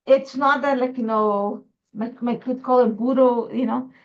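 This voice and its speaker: A high-voiced woman from Ecuador with a Spanish accent talks through her crafting, rambling with plenty of fillers. Her throat is irritated and she is holding back a cough. The recording is dull and lo-fi. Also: fairly even intonation, a little slow. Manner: chatty, rambling, many fillers. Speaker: crafting host. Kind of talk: casual crafting process video.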